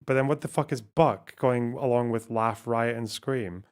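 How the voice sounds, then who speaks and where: A man with a gravelly, fry-heavy voice at an ordinary pitch, chatting casually on a live stream. He thinks aloud through a word puzzle, swears freely and breaks off to address his chat. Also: normal speed.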